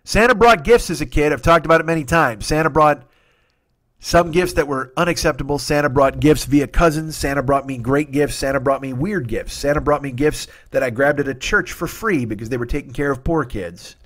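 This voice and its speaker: Profane excitable comedian man. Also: fairly high pitch, brisk. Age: 40s. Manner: profane, excitable, self-interrupting. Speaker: comedian podcast host. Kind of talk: rambling comedic monologue.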